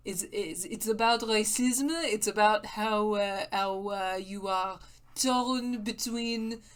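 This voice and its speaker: A woman voicing a pompous, pretentious art critic in a deliberately bad mock French accent, halting and full of ums. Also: mid-range voice, steady tone, smooth, close to an everyday voice.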